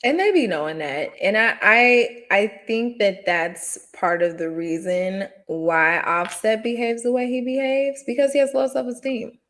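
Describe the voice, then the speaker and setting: A woman co-hosting a casual gossip podcast, animated and exclamatory, laughing as she talks. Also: fairly high pitch, measured pace, hardly any pauses. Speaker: podcast co-host.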